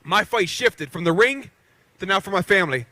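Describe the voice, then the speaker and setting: A man in his thirties, a pro boxer from Beaver County in western Pennsylvania, fires up a crowd with a rally speech and call-and-response. His voice is high, animated, and sharp, at a moderate pace, recorded without echo.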